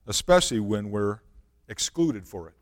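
A man's voice: lowish voice, lively intonation, normal speed, long reverb tail. A man preaching a sermon, reading scripture and asking the congregation earnest rhetorical questions. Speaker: pastor.

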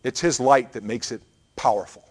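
A man's voice: mid-range voice, normal speed. A man preaching a sermon, earnest and emphatic, building points through repeated phrases and reading scripture aloud. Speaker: pastor.

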